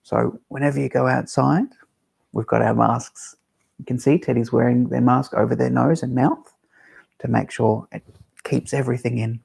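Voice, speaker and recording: A man working as a children's librarian, gently reading picture books aloud on a live-streamed storytime. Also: medium pitch, fairly even intonation, vocal fry, slightly rough. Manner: gentle, unhurried, talking to small children.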